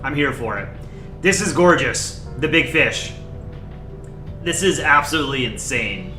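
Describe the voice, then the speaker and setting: Bright-voiced man casually streaming. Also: mid-range voice, a little slow, roomy sound, soft background music. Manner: relaxed, rambling, many fillers. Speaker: streamer reviewing fan art. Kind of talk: casual live-stream commentary.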